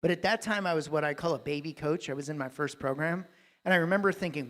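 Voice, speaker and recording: A man giving a keynote talk on a live conference stage, telling a story with dramatic swings between loud and hushed delivery. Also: a little high, quick pace. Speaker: dentist and coach, keynote speaker.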